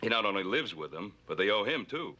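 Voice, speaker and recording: A man's voice: lowish voice, sing-song, a little fast, pushed and bright, lo-fi sound, a little hiss or hum. An actor playing a stern older rancher and father of grown sons, speaking earnestly in a 1960s television western.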